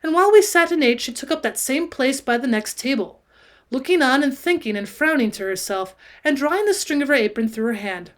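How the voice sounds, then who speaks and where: Reading a classic novel to her students at a fairly quick clip, a female teacher and audiobook reader uses a fairly high, expressive voice. Each time a character has a line, her volume rises.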